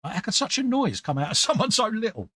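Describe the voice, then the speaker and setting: A British man chatting casually with a mate, his pitch rising and falling a lot as he tells stories. He slips into acted-out quotes and teasing banter. The sound is close and dry. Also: sing-song, fast talker, a bit bright, husky, no echo. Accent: British English. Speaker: co-host. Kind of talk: casual late-night chat while painting.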